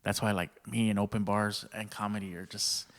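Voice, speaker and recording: A man's voice: fairly low pitch, little pitch movement, fairly quick. A man from Texas, a stand-up comedian, telling stories casually on a podcast in profane slang and laughing often.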